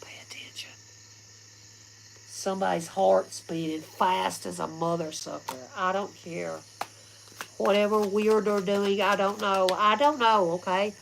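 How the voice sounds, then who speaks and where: A woman's voice: medium pitch, little pitch movement, a little slow, gravelly, a little hiss or hum, rough recording. A woman giving a casual livestream tarot reading, rambling, blunt and often laughing. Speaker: tarot reader.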